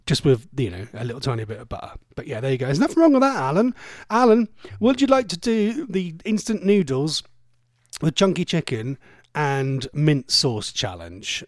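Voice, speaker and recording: A man's voice: mid-range voice, dry recording. A middle-aged man hosting a radio show in casual, rambling, jokey chat. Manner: rambling, chatty, loose and jokey. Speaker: radio host.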